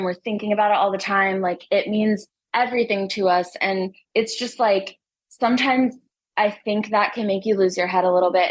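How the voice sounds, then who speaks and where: Young woman talking fast and bubbly, bit out of breath, laughs a lot. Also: medium pitch, poor audio. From United States. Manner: chatty, upbeat, laughs often. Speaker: singer and guest. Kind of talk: casual interview chat.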